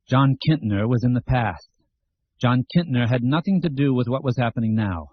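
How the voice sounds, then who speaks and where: Guy narrating an audiobook, husky voice, kinda dull lo-fi recording. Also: medium pitch, expressive, moderate pace, no room sound. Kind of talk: scripted narration.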